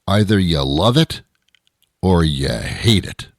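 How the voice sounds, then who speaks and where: A male host giving a wry, rambling comedic monologue with dramatic pauses. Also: low voice, big pitch swings, no echo, studio quality.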